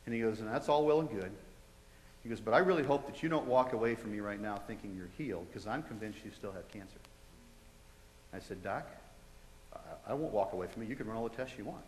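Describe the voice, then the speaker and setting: An American man giving a testimony to a live audience, telling his story in a lively, conversational way with quoted dialogue. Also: fairly low pitch, quick pace, slight background noise. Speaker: guest speaker giving testimony. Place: large college hall. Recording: echoey hall with long reverb.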